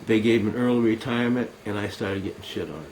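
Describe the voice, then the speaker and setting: A man's voice: fairly low pitch, quick pace, noisy background. An older man, a military veteran, delivering a bitter, accusing monologue to a camera at home, cursing and swearing.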